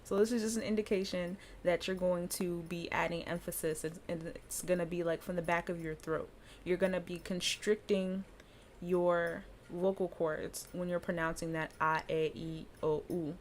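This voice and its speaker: A woman's voice: fairly low pitch, level tone, moderate pace, a little hiss or hum. Chatty woman teaching pronunciation, laughing often. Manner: chatty, laughs often, explains with many fillers. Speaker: language teacher. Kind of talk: casual spoken lesson.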